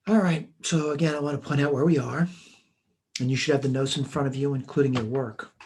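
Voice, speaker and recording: A math instructor teaches a recorded lesson, working through homework problems step by step in a plain, methodical manner. His husky, slightly mellow medium-pitched voice keeps a fairly even intonation at a slightly fast pace. He records on a computer mic while writing on a tablet.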